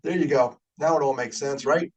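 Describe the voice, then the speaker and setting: An older man giving an animated storytelling talk as a keynote speaker, getting fired up as he goes. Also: medium pitch, moderate pace, breathy edge, lo-fi sound. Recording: webinar audio.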